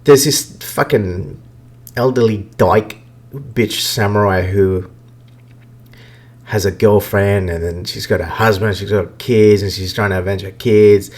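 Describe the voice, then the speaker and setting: This podcaster's voice is on the low side, steady in tone and a little slow. He's delivering a casual, profane, no-nonsense rant about video games.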